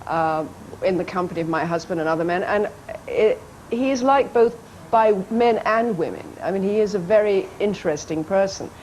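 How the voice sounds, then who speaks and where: A woman's voice: mid-range voice, lively intonation, moderate pace, few pauses, darkish tone, low-quality recording. An actress being interviewed on a TV chat show, telling amused anecdotes and putting on little voices for the people in her stories. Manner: amused storytelling, playful quoted voices, light laughs. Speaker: actress and guest. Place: TV studio. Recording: archive TV broadcast with faint background noise.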